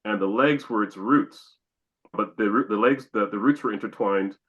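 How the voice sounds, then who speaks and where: A man's voice: lowish voice, moderate pace, fairly bright tone, slightly rough, muffled recording. A man from Canada, a podcast guest, telling a long personal story and acting out his own exclamations.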